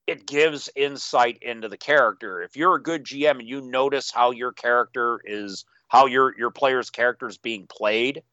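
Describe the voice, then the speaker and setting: Bright-voiced man, muffled dry sound. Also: mid-range voice, dry recording. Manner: animated storytelling with playful voices. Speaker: game master and podcast co-host. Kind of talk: casual chat.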